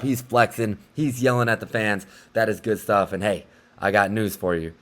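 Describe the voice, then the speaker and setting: A man's voice: lowish voice, normal speed. Chatty young man recapping basketball. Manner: excitable, chatty fan commentary. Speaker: game recap commentator. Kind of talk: casual play-by-play recap.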